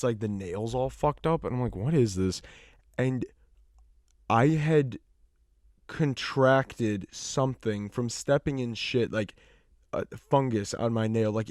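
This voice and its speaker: A man's voice: mid-range voice, darkish tone, dry recording, studio quality. A young adult man co-hosting a podcast, telling a long story in a rambling, casual way. He uses plenty of fillers and swears freely. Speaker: podcast co-host.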